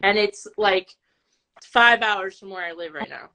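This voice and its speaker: A woman's voice: mid-range voice, measured pace, pushed and bright. A woman guest in a casual interview, talking with chatty enthusiasm. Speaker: band member guest.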